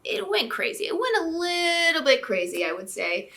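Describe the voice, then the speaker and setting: A woman's voice: very high voice, sing-song, normal speed, background noise. A woman realtor co-hosting a casual chat channel, chatty and often laughing.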